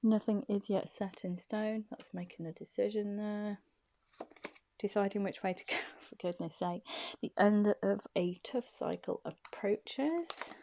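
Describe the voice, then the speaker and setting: A woman's voice: medium pitch, measured pace, vocal fry, mellow. A woman giving an intuitive tarot card reading to camera. She talks in a soothing, reassuring way and often repeats her phrases and questions.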